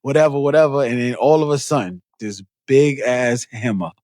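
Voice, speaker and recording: A man co-hosting a casual book podcast, retelling scenes with lively acted-out lines. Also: medium pitch, moderate pace, no echo, clean studio sound. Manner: animated retelling with acted-out quotes.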